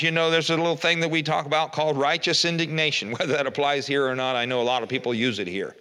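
A man's voice: a little high, pushed and bright. An older man preaching a folksy evening sermon, reading scripture aloud and asking rhetorical questions. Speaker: pastor.

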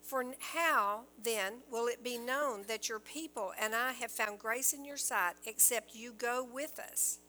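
Woman, Bible-teaching sermon, earnest, slow and deliberate, fairly high voice, faint hum behind. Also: pushed and bright, rough recording. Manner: earnest, reads scripture aloud and explains it.

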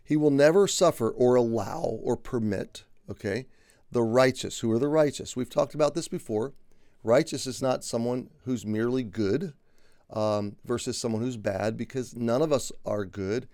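A man's voice: medium pitch, normal speed, warm tone, no echo, studio quality. A man giving a conversational Bible teaching, earnest, unpacking words one by one and often checking in with "okay?".

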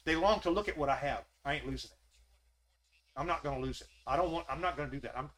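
A man preaching a casual, earnest sermon. He rises in his voice when he stresses a point and drops to a soft, close tone when he asks questions. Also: on the high side, rough recording. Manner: earnest, repetitive, rises when emphatic, softens to a near hush when asking questions. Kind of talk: conversational sermon.

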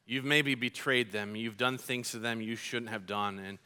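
A middle-aged man preaching a sermon as pastor, earnest and animated, acting out his own frustrated outbursts when he tells stories. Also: mid-range voice, normal speed, clean tone.

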